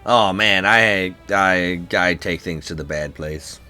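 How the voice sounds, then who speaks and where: A man's voice: deep voice, slow pace, bright, forceful tone, clean tone, soft background music. A man hosting a game let's play, joking and chatting casually while playing. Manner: joking, playful, reads game lines aloud. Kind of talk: casual gameplay commentary.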